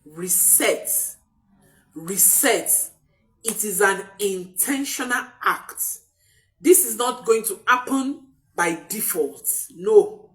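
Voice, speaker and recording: Emphatic woman parenting coach, lively pitch. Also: takes it slowly. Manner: emphatic, repeats key phrases for stress. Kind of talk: motivational parenting talk.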